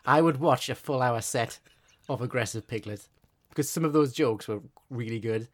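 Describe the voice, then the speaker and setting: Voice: mid-range voice, moderate pace. A co-host in a casual chat, making wry, teasing remarks. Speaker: podcast co-host.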